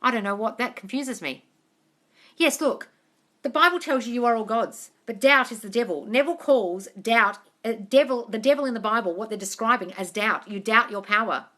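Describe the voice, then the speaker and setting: Bright, blunt Australian woman coach. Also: fairly high pitch, moderate pace. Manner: blunt, sweary and affectionate, calls viewers darling. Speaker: manifesting coach on a live stream. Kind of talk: casual live Q&A, reading viewer comments.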